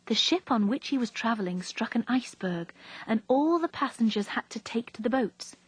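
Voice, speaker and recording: A woman reading a story aloud in a steady, even narrating voice. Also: fairly high pitch, moderate pace, slightly rough, no echo, rough recording. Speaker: reader.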